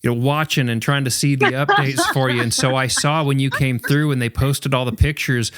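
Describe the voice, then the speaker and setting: A man's voice: medium pitch, fairly even intonation, a little fast, fairly bright tone, dry recording, clean studio sound. A man hosting a podcast, reacting with supportive, emotional comments to his guest's story. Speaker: podcast host. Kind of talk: interview conversation.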